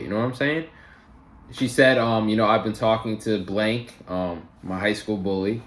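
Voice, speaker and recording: A man's voice: lowish voice, steady tone, moderate pace, roomy sound. A young man telling a personal story in a casual storytime vlog, heated and full of fillers and swearing. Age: young adult. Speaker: vlogger.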